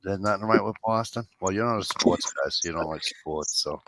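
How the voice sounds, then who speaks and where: A man's voice: low-pitched, fairly quick, fairly bright tone, no echo, rough recording. A man co-hosting a casual podcast, blunt and profane in his banter. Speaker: podcast co-host.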